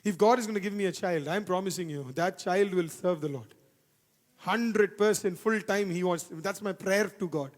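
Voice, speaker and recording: This is a fervent sermon from a pastor whose male voice is high and ringing. Moving at a moderate pace, he repeats phrases for emphasis, and the sound echoes with the long reverb of a large church hall.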